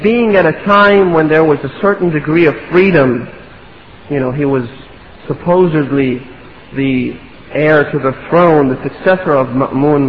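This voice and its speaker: High-voiced man preaching in an echoey hall. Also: slight background noise. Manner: impassioned, rising to pleading rhetorical questions. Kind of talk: sermon. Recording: echoey hall, dull lo-fi sound.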